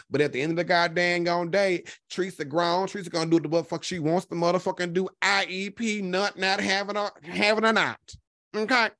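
A man hosting a gossip commentary show, talking loudly and brashly with constant profanity. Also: high-pitched, no echo, studio quality. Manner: loud, brash, heavily profane.

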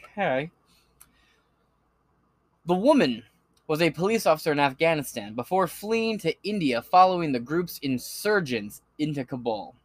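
Guy ranting over news stories, swears a lot, slightly high voice, dead dry sound. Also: big pitch swings, normal speed, no echo. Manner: sarcastic, swears often, shouts in bursts. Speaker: podcast host. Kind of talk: profane political commentary.

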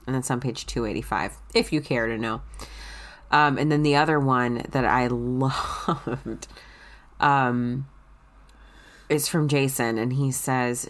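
A woman co-hosting a book podcast, soft-spoken and sighing, reading favorite quotes aloud slowly. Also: rumbling low, fairly even intonation. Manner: soft-spoken, sighs and laughs, slow when reading. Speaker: podcast co-host.

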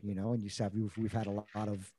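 A man's voice: lowish voice, level tone, fast talker, dark tone. A middle-aged man hosting a casual interview, easygoing and agreeable, telling anecdotes. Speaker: interview host.

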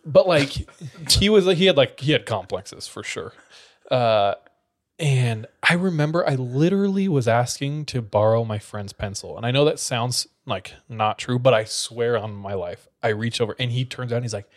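Animated young man telling stories. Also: medium pitch, normal speed. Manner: animated, laughing, swearing. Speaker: podcast co-host. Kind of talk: casual storytelling chat.

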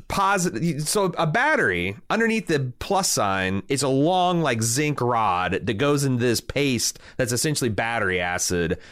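Animated, swearing storyteller man. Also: mid-range voice, smooth. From Indiana, US. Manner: animated storyteller, swears freely, lots of fillers. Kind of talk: casual chat.

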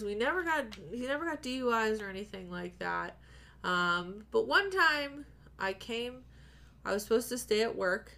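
A woman's voice: mid-range voice, vocal fry, fairly bright tone. A woman telling a personal story in casual chat, candid and profane, often laughing as she talks.

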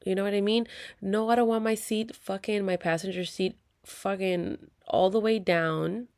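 A woman's voice: mid-range voice, steady tone, moderate pace, darkish tone. A woman, venting to viewers in a heated, profane story with whispered asides. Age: 30s. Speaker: vlogger.

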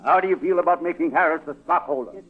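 An actor playing a bossy, joking company executive in a 1940s radio sitcom. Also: male voice, a little high, fast, natural voice. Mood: breezy. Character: brash, wisecracking company executive. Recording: tinny old radio broadcast.

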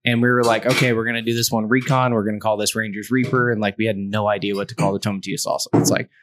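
A man's voice: fairly low pitch, level tone, very fast, very noisy. A man guesting on a podcast, rambling through stories with lots of fillers and swearing. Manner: rambling, filler-heavy, profane. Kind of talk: casual chat.

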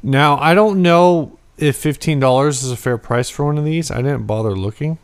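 A man's voice: a little high, normal speed, smooth. A man co-hosting a casual podcast chat, rambling and hesitant, often breaking into laughter. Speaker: podcast co-host.

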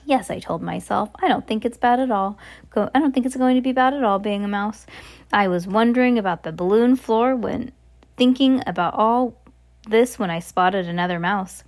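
A woman's voice: mid-range voice, moderate pace, a little mellow. A woman reading a children's novel aloud in a plain, unpolished way, with small slips and restarts. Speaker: reader.

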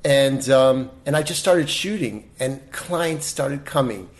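A middle-aged man, a guest in a casual interview, telling stories in an animated way with many restarts. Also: medium pitch, takes it slowly.

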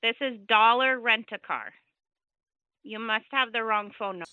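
A woman's voice: on the high side, normal speed, bright, forceful tone, highs cut off. A woman working as a car rental agent on the phone, polite but stammering and confused. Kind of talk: phone customer service.

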